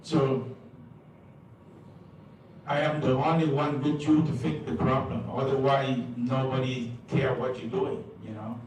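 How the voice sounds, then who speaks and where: Halting man speaking from far off in a hall. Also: mid-range voice, flat delivery, a little mellow, slight background noise. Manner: halting, repetitive, broken English. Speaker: public commenter. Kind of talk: public comment at a meeting. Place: large echoey meeting hall.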